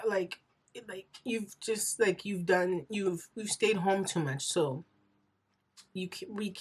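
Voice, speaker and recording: A woman's voice: fairly low pitch, breathy edge. A young woman vlogger telling her personal story in an earnest, rambling way, full of fillers and close to tears.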